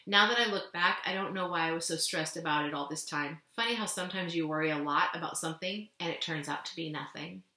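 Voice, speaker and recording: A woman, a teacher, reading a children's novel aloud in an expressive storytelling way. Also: on the low side, fast talker, few pauses. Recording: echoey room.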